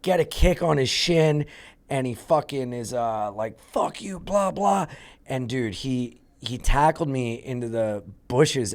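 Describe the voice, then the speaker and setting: A man who is a comedian, guesting on a podcast and telling a rambling anecdote in casual chat, swearing freely and getting animated. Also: fairly high pitch.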